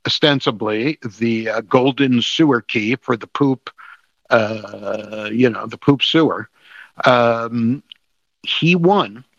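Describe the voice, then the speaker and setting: A man's voice: medium pitch, gravelly, fairly bright tone, no room sound. A man from New Jersey co-hosting a comedy podcast, talking in a cranky, ranting way. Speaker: podcast co-host. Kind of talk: casual comedic chat. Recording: dull lo-fi sound, dry.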